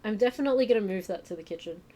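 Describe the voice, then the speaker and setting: A woman's voice: mid-range voice, lively intonation, very fast, warm tone. A woman streaming from her home stream room, chatting casually and rambling with fillers and self-mocking asides. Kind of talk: casual chat while unpacking on stream.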